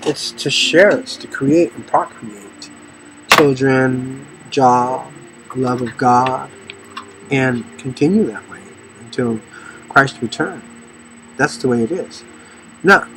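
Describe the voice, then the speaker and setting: A man's voice: slow, slight background noise, low-quality recording. A middle-aged man from the Los Angeles area telling personal stories about faith in a rambling, storytelling way. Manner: storytelling, voices others with sudden high shouts.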